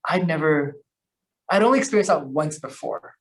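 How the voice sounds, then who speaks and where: A man telling long stories as a podcast guest, rambling and animated, with lots of fillers, restarts and slang. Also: on the high side, moderate pace, slight background noise. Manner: slangy, calls the host bro. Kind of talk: casual storytelling conversation.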